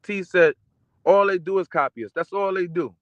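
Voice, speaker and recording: A man's voice: sits high, moderate pace, dry recording, muffled recording. Emphatic man ranting on a livestream. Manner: emphatic, repetitive, keeps asking "okay?". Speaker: streamer reading viewer comments. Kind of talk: casual livestream rant.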